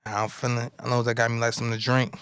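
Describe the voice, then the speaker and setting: Laid-back young rapper with a gravelly voice. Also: male voice, medium pitch, monotone, rapid-fire, a bit bright, dry recording. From Florida. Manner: laid-back, slangy, repeats "you know what I'm saying". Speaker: rapper guest. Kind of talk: casual interview chat.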